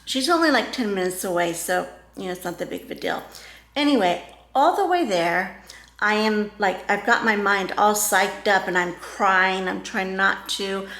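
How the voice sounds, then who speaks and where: A woman's voice: medium pitch, lively intonation, moderate pace, a bit bright. A middle-aged woman vlogger telling a story in a casual, emotional way, rambling with many restarts and fillers. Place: home room. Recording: echoey room.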